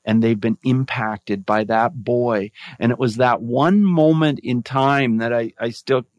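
A man's voice: mid-range voice, measured pace, a little mellow, dry recording. A man and former music teacher, a guest giving earnest, reflective interview answers, often restarting his phrases.

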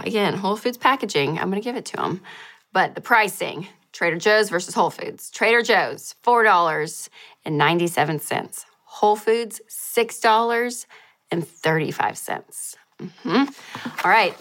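Upbeat chatty woman vlogger. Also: mid-range voice. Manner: upbeat, laughs easily, animated asides. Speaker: host comparing grocery prices. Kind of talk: casual chatty vlog.

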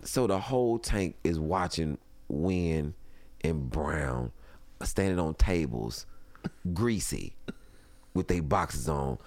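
A man spins a comic story in a relaxed chat, jumping between voices and laughing as he goes. His voice swings widely in pitch and has a gravelly edge. The sound is dry and close, as if recorded on a studio mic. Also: slow pace, no echo. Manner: animated storyteller, acts out voices, laughs often. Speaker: comedian guest. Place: home studio.

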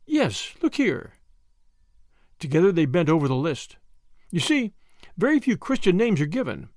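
Casting: man reading as a lively young woman sleuth, eager and brisk, raised and very lively pitch, dry close sound. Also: no echo. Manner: eager, brisk, quick to enthuse. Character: spirited impatient young woman adventurer.

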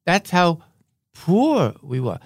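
A man's voice: fairly high pitch, huge pitch swings, slow, gravelly, no echo, studio quality. An older man, a veteran actor as interview guest, telling wry, rambling stories. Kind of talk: anecdotal interview talk.

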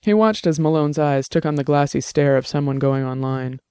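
A man reading a novel aloud in steady, scripted audiobook narration. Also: on the high side, moderate pace, clean tone, no room sound, clean studio sound.

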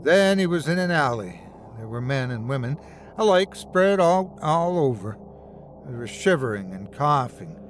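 A man narrating a horror story in a measured, dramatic way. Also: mid-range voice, very animated, a little hiss or hum.

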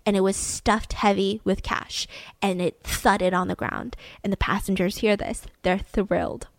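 A young woman telling a true story casually, animated and slangy, swinging between loud and hushed. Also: mid-range voice, measured pace, dry recording. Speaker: podcast storyteller.

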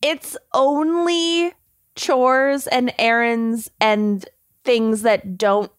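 A woman's voice: fairly high pitch, steady tone, drawn-out words, clear, resonant tone. A woman in her thirties co-hosting a podcast in casual, rambling chat, swearing freely. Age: 30s. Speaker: podcast co-host.

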